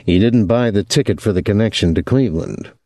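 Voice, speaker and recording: Man, audiobook narrator, measured reading, low pitch, dry recording. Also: darkish tone, dry recording. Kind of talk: scripted narration.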